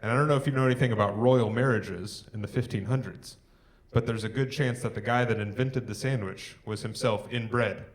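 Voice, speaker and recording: A young man doing a live stand-up set on a theatre stage, working the crowd with dry one-liners and pausing for laughs. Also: mid-range voice, fairly even intonation. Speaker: stand-up comedian. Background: crowd laughing and clapping.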